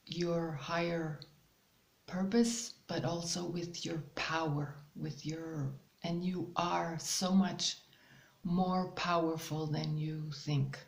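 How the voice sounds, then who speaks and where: A woman hosts a spiritual guidance talk in an easygoing monologue, her voice pitched a little low with a gravelly edge. She speaks very slowly and hesitantly, filling the pauses with ums, and the room gives her voice a noticeable echo. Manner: slow, hesitant, with many ums and soft laughs. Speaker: spiritual channel host.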